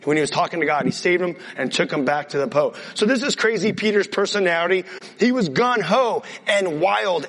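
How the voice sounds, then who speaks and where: A man's voice: high-pitched, fairly bright tone, big-room sound, poor audio. A man preaching a sermon, acting out Bible characters in casual modern speech with big swings of voice. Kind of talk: animated sermon.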